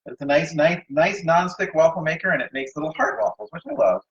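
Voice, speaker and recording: A man helping with a home cooking show, answering briefly and haltingly from away from the microphone. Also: echoey room, dull audio. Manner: brief, halting, low-key. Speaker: co-host helper.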